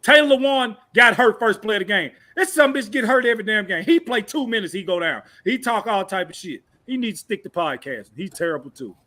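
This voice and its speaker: A man's voice: sits high, lively intonation, a little fast, hardly any pauses, bright, forceful tone. A man from Tennessee, co-hosting a sports podcast, ranting and cursing in heated casual talk. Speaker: podcast co-host.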